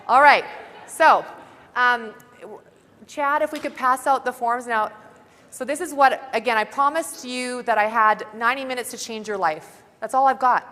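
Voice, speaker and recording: A woman's voice: a little high, moderate pace, bright, forceful tone. A young woman giving an upbeat motivational talk at a conference, chatty and saying "like" often, recorded on a stage mic. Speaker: conference speaker. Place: large conference hall. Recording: long reverb of a large hall.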